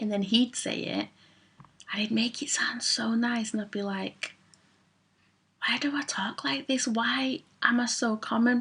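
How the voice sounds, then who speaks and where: A woman's voice: medium pitch, creaky, fairly bright tone, breathy edge. A woman vlogging in a chatty, rambling, self-mocking way about favourite products. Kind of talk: casual chat to camera.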